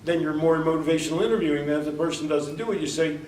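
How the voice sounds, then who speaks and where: Speaking very fast with few pauses, an American workshop presenter rambles through anecdotes in a conversational lecture, performing the dialogue he quotes. His voice is a little high with a darkish tone, and the recording has a little hiss or hum plus the roomy sound of a distant mic in a hall.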